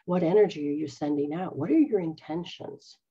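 Woman, spiritual teacher, earnest, acts out quotes, breathy mid pitch, dull recording. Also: fairly quick, mellow. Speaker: psychic medium and spiritual teacher. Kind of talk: spiritual talk to followers. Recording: dull lo-fi sound.

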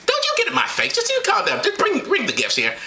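A man putting on a high, shrieking voice for a foul-mouthed, indignant woman in a comedy bit. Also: huge pitch swings, quick pace, creaky, roomy sound, very noisy, heavily acted. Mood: shrill indignant. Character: foul-mouthed shrill woman playing Mary.

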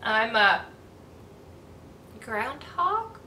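A woman puts on a little lost storybook dog, anxious and pleading, his voice climbing high as he calls out with bright, ringing questions. It is a children's storybook reading in an echoey room, with the mic set back and a faint hiss behind. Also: sing-song, very slow, heavily acted. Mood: worried. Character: small gentle lost male dog, anxious.

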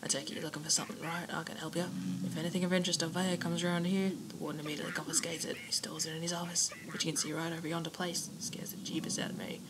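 A woman's voice: lowish voice, racing, hardly any pauses, natural voice. Woman whispering as a shady prisoner. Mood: conspiratorial. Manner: hushed conspiratorial whisper, put-on accent. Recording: steady clicking noise behind.

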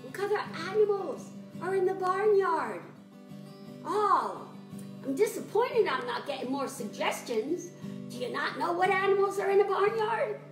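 A woman teaching children's music in a live-streamed sing-along, animated and chatty, greeting viewers by name. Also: very high voice, unhurried, roomy sound.

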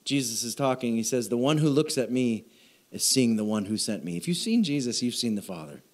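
A male pastor delivers a sermon in a church, hammering short phrases over and over in a steady preaching cadence. His voice sits at a middle pitch for a man. He calls out to the congregation for responses and grows emotional as he reads. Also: fairly quick. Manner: emotional, chokes up while reading. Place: church sanctuary.

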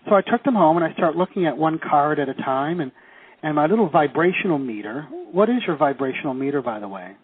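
A man's voice: a little high, fast talker. Man teaching a seminar over tinny audio. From Canada. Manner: lively, asks the class questions, acts out quoted reactions.

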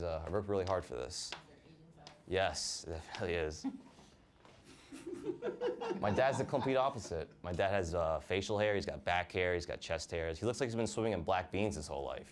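Deadpan young male stand-up comic. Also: low voice. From New Jersey. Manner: deadpan, lively mimicry of family voices. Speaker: stand-up comedian. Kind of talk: stand-up set. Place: comedy club stage. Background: audience laughter.

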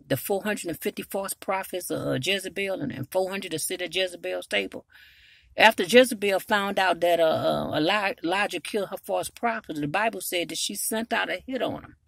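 Gravelly, husky woman evangelist preaching. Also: lowish voice, no room sound, clean studio sound. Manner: preachy storytelling, swells louder to exhort, frequent hallelujahs. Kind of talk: sermon.

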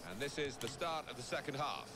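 A man voicing the match commentary in a football video game, measured and formal. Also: medium pitch, animated, over music, lightly acted. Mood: calm. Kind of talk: broadcast sports commentary. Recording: game audio with loud background noise.

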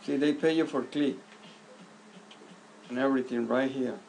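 Gravelly man walking through a tutorial. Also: mid-range voice, steady tone, a little mellow, rough recording. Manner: halting, repeats words, simple direct instructions. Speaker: YouTuber giving a tutorial. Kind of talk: casual screen-recorded walkthrough. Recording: faint background noise.

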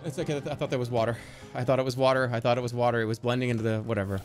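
A man in his thirties streaming video games, chatting casually with animated, giggly swings into loud outbursts. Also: medium pitch, racing, over loud music. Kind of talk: casual gaming stream chat.

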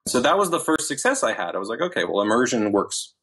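A man in his thirties, a podcast guest, telling his story in animated casual chat with quick asides. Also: mid-range voice, breathy edge.

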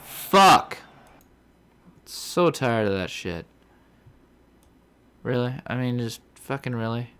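A man's voice: medium pitch, unhurried, pauses often, clear, resonant tone. A man commentating his own video game play, swearing and ranting in frustration at the game. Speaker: gaming commentator.

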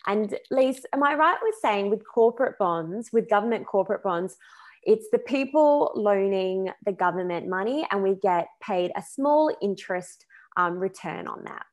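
A woman's voice: mid-range voice, expressive, moderate pace. A woman, a money coach, presenting a finance talk in a chatty, loose way with fillers.

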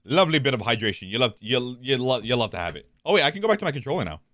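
A man's voice: medium pitch, very fast, no echo, studio quality. A young man doing live, joking gameplay commentary as a streamer, swearing casually. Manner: animated, swears casually, jokes.

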